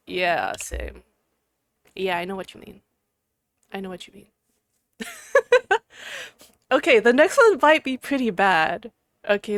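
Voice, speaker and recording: A woman streaming live, chatting casually with viewers, giggling and breaking into loud outbursts, then muttering to herself while she clicks around. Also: medium pitch, no room sound, studio quality.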